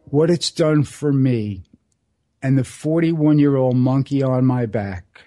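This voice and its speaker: A man in his sixties hosting a solo radio show, telling stories in a rambling, earnest way and slowing down for emphasis. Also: mid-range voice, darkish tone. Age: 60s. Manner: rambling, earnest storytelling with dramatic slow emphasis. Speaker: radio host.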